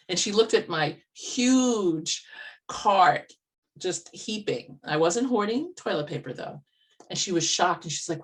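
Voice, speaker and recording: A woman's voice: on the low side, lively intonation, a little slow, husky. A woman motivational speaker and life coach, telling an earnest, conversational story at an online meetup over a video call from a farmhouse. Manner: earnest, conversational, with vivid retellings. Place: old farmhouse, indoors.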